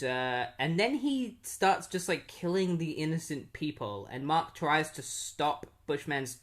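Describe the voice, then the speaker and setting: Lockerer Mann, der eine Comic-Handlung nacherzählt, mit vielen Füllwörtern und mittlerer Stimmlage. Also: male voice, medium pitch, a bit bright. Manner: rambling, filler-heavy storytelling. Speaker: comic book reviewer. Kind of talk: casual plot recap.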